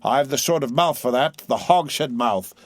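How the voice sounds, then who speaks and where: A crew of rowdy sailors, hearty and loud, calling the watch and urging a dance, as a man puts them on. The reading is recorded dry and close. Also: medium pitch, expressive, moderate pace, no echo, pitched above the performer's own voice, close to an everyday voice. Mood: bellowing. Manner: hearty, bellowing.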